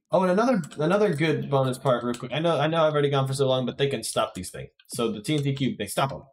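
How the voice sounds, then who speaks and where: A man's voice: mid-range voice, slight background noise. A man giving casual gameplay commentary to his viewers, chatty and often correcting himself. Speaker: gaming YouTuber.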